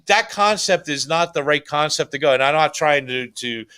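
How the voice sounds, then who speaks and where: Man chatting on a stream, bright voice, rambles and restarts a lot, auction owner. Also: a little high, expressive, moderate pace, smooth. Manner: rambling, lots of fillers and restarts. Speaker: auction house owner, guest. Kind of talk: casual chat on a live stream.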